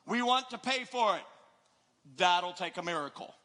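A male preacher giving an energetic, joking sermon to a live audience, often questioning them. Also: high-pitched, moderate pace. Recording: long hall reverb.

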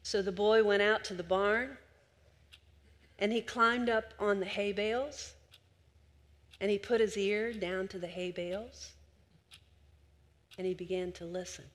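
A woman's voice: mid-range voice, steady tone, measured pace, long pauses. Older woman preaching in a reverberant hall. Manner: warm conversational storytelling, addressing the congregation directly. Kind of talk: sermon.

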